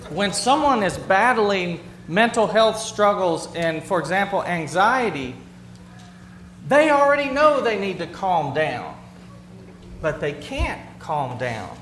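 A man's voice: high voice, sing-song, slow pace, fairly bright tone. A male pastor giving an earnest, conversational sermon to his congregation, often restarting and repeating phrases as he talks. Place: church sanctuary with a congregation. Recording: roomy hall sound with faint hum.

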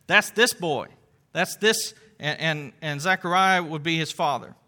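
A man giving a conversational Bible teaching, earnest and emphatic, often pausing on fillers and restarting phrases. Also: on the high side, pushed and bright.

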